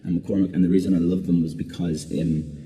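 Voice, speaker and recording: A man's voice: low-pitched, steady tone, brisk, warm tone. A man, a singer being interviewed, answering casually and rambling with lots of restarts and "like" fillers. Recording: long reverb.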